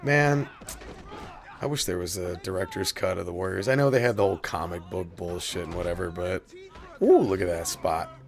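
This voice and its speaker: A man's voice: deep voice, moderate pace, vocal fry. A man streaming a video game, chatting casually with viewers, profane and rambling but heartfelt. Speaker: gaming streamer. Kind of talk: casual stream chat while gaming.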